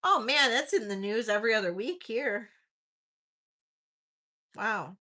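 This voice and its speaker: Woman hosting a live jewelry sale, bright tone, rambly casual storytelling. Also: fairly high pitch, lively intonation, unhurried. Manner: chatty storytelling, many "like"s, laughs easily. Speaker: host selling vintage jewelry in a live sale. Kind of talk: casual chat with live auction calls.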